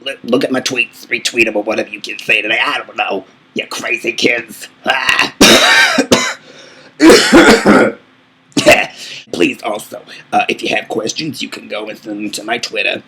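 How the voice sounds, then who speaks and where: A man's voice: fairly low pitch, fairly even intonation, brisk, gravelly, pushed and bright, slightly rough, exaggerated voice, low-quality recording. A man playing a vain, aging female diva singer who boastfully calls everyone darling while answering fan questions in a comedic vlog. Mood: self-important.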